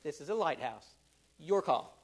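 A man playing a calm Canadian lighthouse keeper who answers in a low-key, dry way. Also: normal speed.

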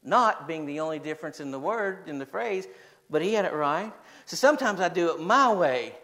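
A man preaching to his church, moving between shouted high points and quiet, joking asides. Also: expressive, normal speed. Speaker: pastor. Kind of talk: sermon.

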